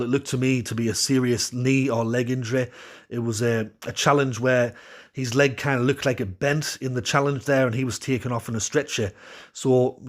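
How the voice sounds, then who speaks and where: Guy ranting after the match, mid-pitched voice, lots of ums, frustrated and opinionated. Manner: frustrated, opinionated, rambling with fillers. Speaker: football fan channel host. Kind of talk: post-match reaction monologue.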